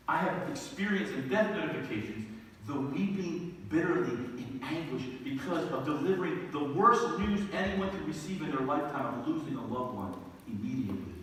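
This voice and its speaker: A middle-aged male pastor preaching an earnest sermon, his somewhat high voice dropping low and then rising into emphatic bursts. He is heard from a distance in a big echoing hall with a long reverb tail and faint room noise. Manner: earnest, swells from quiet to emphatic. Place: church sanctuary. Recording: echoey hall, distant mic.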